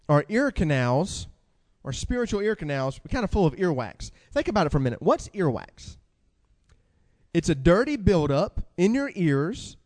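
A man's voice: high-pitched, a little mellow, in a large hall. A man preaching a sermon, quoting scripture with emphasis and repeating key words.

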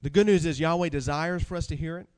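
High-voiced preacher in a reverberant hall. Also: male voice, fast talker, smooth. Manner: animated preaching with rhetorical questions and scripture reading. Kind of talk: sermon.

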